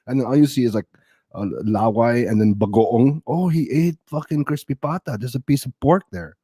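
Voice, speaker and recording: A middle-aged Filipino-American stand-up comedian performs a loose, crude set on a virtual comedy show over video call, riffing on comments his audience types. His mid-range voice is brisk, darkish and breathy, in clean studio quality with no echo.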